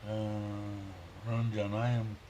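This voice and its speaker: A man hosting a casual livestream, rambling warmly, chuckling and reading viewer comments aloud. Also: on the low side, steady tone, very slow, a little hiss or hum. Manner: heartfelt, chuckles often. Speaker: livestream host.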